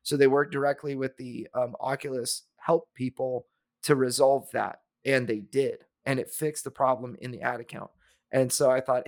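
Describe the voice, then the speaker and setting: A man's voice: mid-range voice, fairly even intonation, moderate pace. Brief: man, podcast co-host, easygoing rambling chat, fillers and restarts. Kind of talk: casual chat.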